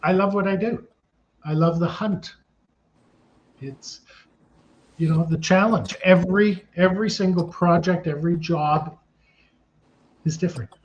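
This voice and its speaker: A casting director in his sixties, telling animated stories in an interview and acting out the scenes he describes. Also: sits high, unhurried, pauses often. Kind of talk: storytelling in an interview. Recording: dull lo-fi sound.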